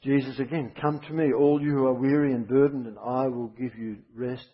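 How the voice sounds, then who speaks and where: Husky preacher man, emphatic sermon. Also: mid-range voice, fairly even intonation, moderate pace, lo-fi sound. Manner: emphatic, repeats key phrases.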